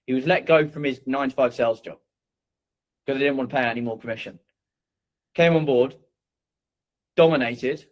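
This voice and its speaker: A man hosting a sales community, giving hyped motivational shout-outs full of swearing and punchy repetition. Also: a little high.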